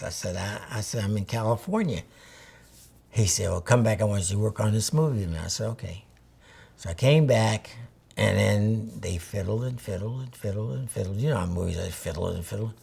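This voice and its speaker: A gravelly, husky older man recalls old times in an interview, his voice sitting low. He tells his stories in a loose, rambling way and acts out both sides of past conversations. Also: a little mellow. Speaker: photographer interviewee. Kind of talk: reminiscing interview.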